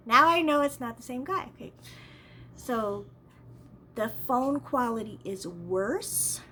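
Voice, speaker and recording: Woman vlogger with a slightly high voice, casual, exasperated storytelling. Faint background noise. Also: lively intonation, takes it slowly, pushed and bright. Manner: rambling, exasperated, repeats herself.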